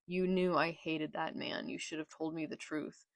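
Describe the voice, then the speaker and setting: A woman reading out a betrayed male pirate captain's accusations in a quiet, subdued tone. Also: low voice, level tone, normal speed, no echo. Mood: bitter. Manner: accusing, subdued read-aloud.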